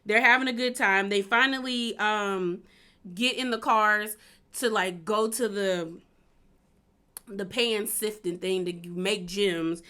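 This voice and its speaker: Bright-voiced woman, chatty and laughing. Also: medium pitch, fairly even intonation, slow. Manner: chatty, laughs often, lots of "like" fillers. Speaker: recap vlogger. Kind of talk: casual reality-show recap.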